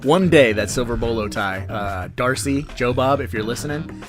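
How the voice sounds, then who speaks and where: A man co-hosting a podcast in casual chat, playful and quick to laugh. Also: mid-range voice, music in the background. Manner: laughs a lot, playful and loose. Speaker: podcast co-host.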